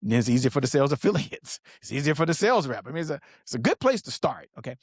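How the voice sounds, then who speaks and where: A man's voice: mid-range voice, sing-song, racing, husky, no echo, clean studio sound. A man giving an emphatic sales talk as a business coach, often asking "okay?" and speaking straight to the viewer. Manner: emphatic, repeats "okay?", direct address to viewers. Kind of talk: animated sales teaching.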